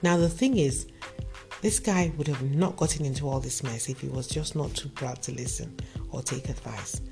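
Male storyteller, gravelly, earnest moral monologue over clear background music. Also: mid-range voice, moderate pace, a little mellow. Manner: earnest, direct address to listeners. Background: music playing underneath.

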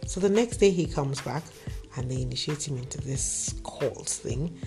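A man's voice: medium pitch, animated, normal speed, vocal fry. A man telling a cautionary story and turning it into an earnest lesson, speaking directly to his listeners. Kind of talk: moral storytelling monologue. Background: music playing underneath.

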